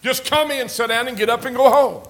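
An older man with a drawl preaches in a folksy way, leaning on repeated amens. His voice sits high, and he pushes his lines up to strong emphasis. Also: steady tone, a little fast, a bit bright, a little hiss or hum. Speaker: pastor. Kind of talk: sermon.

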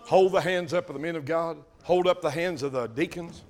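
An older man, preaching a sermon with impassioned bursts of loudness on key words. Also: a little high, brisk. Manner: impassioned preaching, swells loud on emphasis. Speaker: pastor.

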